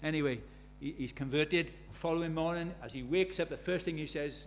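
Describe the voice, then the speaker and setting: A man's voice: on the high side, fairly quick, hardly any pauses. A British man preaching a sermon, telling stories with emphasis and repeating key phrases.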